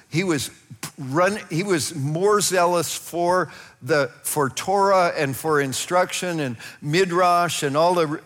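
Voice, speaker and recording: A man preaching a sermon, telling the story with lively acted-out voices and frequent laughs. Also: on the high side, in a large hall. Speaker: pastor.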